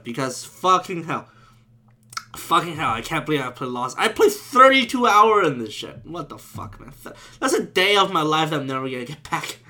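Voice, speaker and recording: Bright-voiced man ranting profanely. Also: fairly high pitch. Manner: profane, ranting, frequent restarts. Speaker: gaming commentator. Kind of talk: casual rant to camera.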